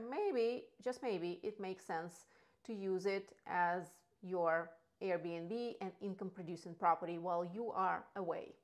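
A chatty, enthusiastic woman presents neighborhoods for a real estate video. English is not her first language, and she talks in a mid-range voice. Her style is casual, with asides and small self-corrections. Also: medium pitch.

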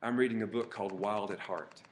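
A man's voice: fairly low pitch, steady tone, a little fast, echoey room, slight background noise. A man preaching a sermon with passion, telling personal stories to his congregation during a church service. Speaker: pastor.

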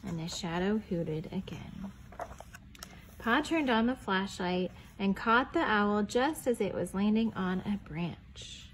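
A young woman reading a picture book aloud to preschoolers in a gentle storytelling voice, stopping to ask the children questions and dropping to a whisper on the quiet lines. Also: mid-range voice, animated, takes it slowly, a little hiss or hum, low-quality recording.

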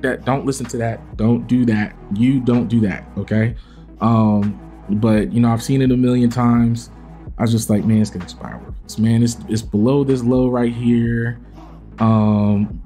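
A man's voice: on the low side, warm tone. A man giving a casual, self-mocking recap of his day's trades, acting out his own inner dialogue. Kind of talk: casual screen-share trading recap.

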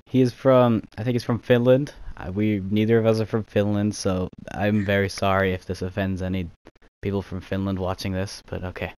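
Giggly self-mocking young gaming host. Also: male voice, fairly low pitch, level tone, brisk, hardly any pauses, darkish tone, smooth. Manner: giggly, self-mocking, says "you know" often. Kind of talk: casual gaming chat with impressions.

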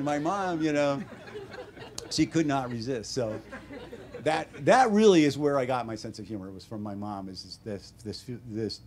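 A man in his seventies with an American accent, an author telling wry, deadpan stories at a bookstore talk. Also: medium pitch. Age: 70s. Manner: wry, deadpan humor with animated quoted voices. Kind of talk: casual storytelling Q&A. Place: bookstore event room.

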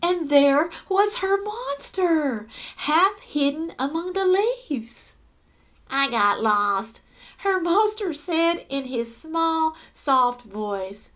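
Slow, lively woman reading a storybook. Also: very high-pitched. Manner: expressive, gasps and asides to listeners. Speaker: children's book reader. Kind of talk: read-aloud storytelling.

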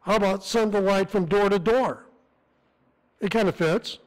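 A man's voice: high voice, measured pace, rough recording. A man preaching as a visiting missionary, speaking in an earnest, conversational manner with frequent restarts. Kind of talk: sermon. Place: church sanctuary.

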